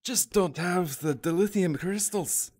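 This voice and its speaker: A man's voice: high-pitched, a little slow, darkish tone, voice pushed up. A man voicing a harried starship engineer with a put-on Scottish accent, strained and pleading.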